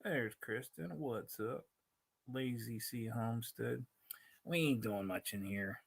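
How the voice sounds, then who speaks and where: Gravelly and husky, this man's medium-pitched voice moves at a slow pace. He hosts a laid-back livestream, speaking into a laptop mic with a Spanglish accent, wandering off on tangents, cutting himself off, and laughing often.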